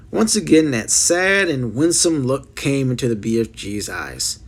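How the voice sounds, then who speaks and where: Husky man reading a children's book. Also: medium pitch, expressive, unhurried, few pauses. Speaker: audiobook reader.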